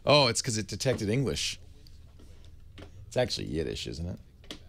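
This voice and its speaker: A man's voice: fairly low pitch, huge pitch swings, moderate pace, creaky, fairly bright tone, a little hiss or hum. A man hosting a tech call-in radio show, talking casually and joking, with frequent laughs. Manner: playful, joking, laughs often.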